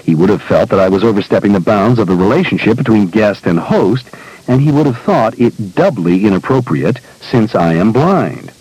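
Husky, animated man reading an essay. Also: lowish voice, moderate pace, dry recording, rough recording. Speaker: speaker recounting personal experiences.

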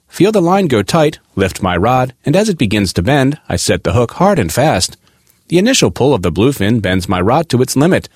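A man reading a magazine article aloud with an expressive, lively delivery. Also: mid-range voice, dry recording, clean studio sound. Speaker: article reader.

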